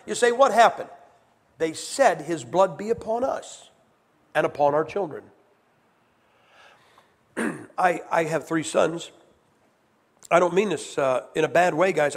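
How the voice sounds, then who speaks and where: A man preaching a sermon, emphatic, dropping low and then rising to shouts as he acts out quoted voices. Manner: emphatic, shifts from hushed to shouted.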